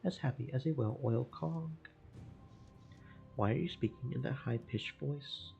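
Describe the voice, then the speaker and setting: Man voicing an automaton, literal, flat questions, gravelly, game. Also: medium pitch, unhurried, highs cut off, faint music behind. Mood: puzzled. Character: literal-minded male automaton companion.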